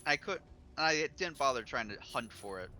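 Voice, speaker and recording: Over faint background music, a streamer rants about a video game, cursing frequently in a loose, animated chat. He talks at normal speed in a medium-pitched voice.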